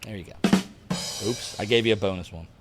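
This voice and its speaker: A man's voice: fairly low pitch, a little fast, over loud music. A man streaming a game, joking and reading chat messages in a casual way. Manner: jokey, reads chat, puts on voices.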